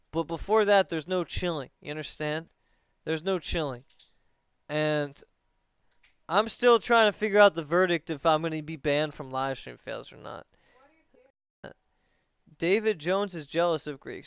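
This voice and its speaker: A man's voice: on the high side, fairly bright tone, clean tone, dry recording. A young man on a casual livestream, talking in a rambling, profane way with lots of fillers.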